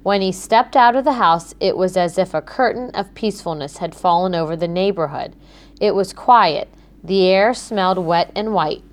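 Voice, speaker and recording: A woman narrating a children's book in a clear, measured storytelling manner. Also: on the low side. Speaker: audiobook narrator.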